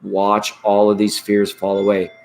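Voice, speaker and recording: Male tarot stream host, slightly low voice, loose and rambling, playful, laughs easily. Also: completely flat delivery, a little slow, darkish tone. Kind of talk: casual live-stream chat.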